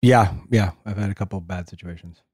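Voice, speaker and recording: A middle-aged man co-hosting a relaxed talk, recounting family mishaps with animated impressions. His voice is warm and mellow, recorded close and dry. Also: sits low, quick pace, dry recording. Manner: animated storyteller, mimics family members. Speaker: podcast co-host. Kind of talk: casual chat.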